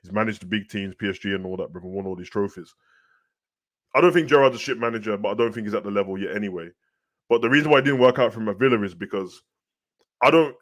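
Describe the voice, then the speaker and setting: A man with a Birmingham accent, co-hosting a casual football chat and talking in an animated, slang-heavy way. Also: lowish voice, quick pace. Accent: Birmingham English. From Birmingham, England. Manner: animated, slangy, repeats "bruv". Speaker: co-host.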